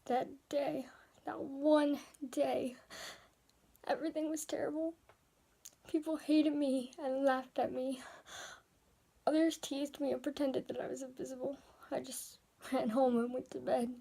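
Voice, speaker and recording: A woman tells a grim first-person story, her voice high but mellow and dark in tone, with a gravelly fry running through it. She speaks softly and hesitantly, and her delivery often sinks to a whisper.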